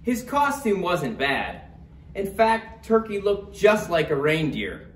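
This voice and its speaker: A man reading a holiday bedtime story aloud in a slow, expressive manner. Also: high-pitched. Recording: roomy, distant, faint room noise.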